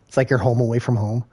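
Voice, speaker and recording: Joking and laughing often, this man rambles in a relaxed way as he plays a video game. His voice is mid-range, husky and darkish in tone.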